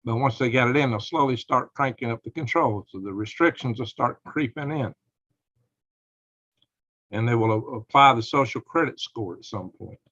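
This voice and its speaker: A man's voice: mid-range voice, normal speed, fairly bright tone, no echo. A man hosting a live show, talking in a rambling, speculative way with frequent chuckles. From United States. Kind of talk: rambling live-stream commentary. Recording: dull lo-fi dry sound.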